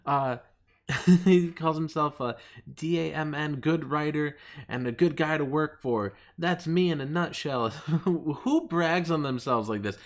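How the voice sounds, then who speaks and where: Mocking, laughing man ranting. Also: a little slow. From United States. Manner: mocking, laughing often, pitch jumping up when quoting others. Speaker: channel host. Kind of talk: ranting commentary.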